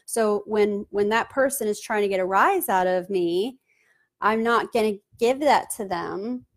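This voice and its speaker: A woman's voice: mid-range voice, measured pace. A woman hosting her own channel, talking through advice in an earnest, conversational way with many fillers. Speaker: channel host giving advice. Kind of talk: casual advice talk to camera.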